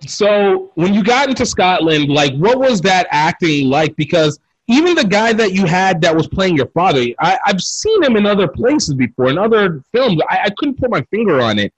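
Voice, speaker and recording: A male interviewer with a fairly high voice that swings around a lot, putting casual, rambling questions to his guest. His speech is packed with fillers and easy restarts. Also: sing-song, normal speed, hardly any pauses, rough recording. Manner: loose, filler-heavy questions.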